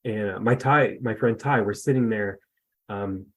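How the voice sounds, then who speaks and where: Husky-voiced man in his fifties. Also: lowish voice, unhurried, poor audio. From US West Coast. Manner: rambling, self-deprecating, many fillers and restarts. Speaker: podcast guest. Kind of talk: casual storytelling.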